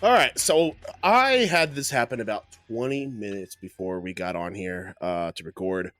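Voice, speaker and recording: A man's voice: on the low side, normal speed, no room sound, faint music behind. Young guy cohosting a podcast, easygoing, laughs a lot, dry close mic. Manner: laughs often, relaxed storytelling. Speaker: podcast co-host. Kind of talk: casual chat.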